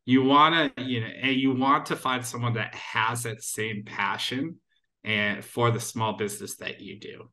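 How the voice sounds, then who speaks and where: A man's voice: medium pitch, steady tone, measured pace, bright, forceful tone. A man appearing as a podcast guest, explaining small business advice in an upbeat, advisory way. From United States. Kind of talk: casual interview answers.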